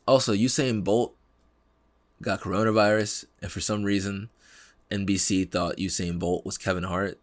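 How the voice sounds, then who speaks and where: A young man hosting a podcast in casual chat, animated and laughing, acting out quotes in slangy talk. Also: on the low side, dry recording. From Pennsylvania, United States. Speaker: podcast host.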